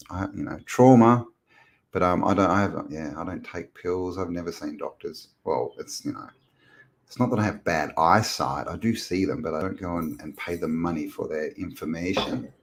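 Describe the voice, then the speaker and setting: A man hosting a casual livestream, rambling and joking as he reads out viewer comments. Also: low-pitched. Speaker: livestream host. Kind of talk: casual live-stream chat.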